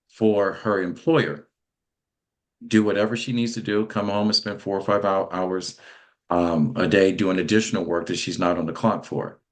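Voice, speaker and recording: A man hosting an interview, asking long, rambling questions and stopping often to search for his words. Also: deep voice. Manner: rambling, searching for words with many fillers and restarts. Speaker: host.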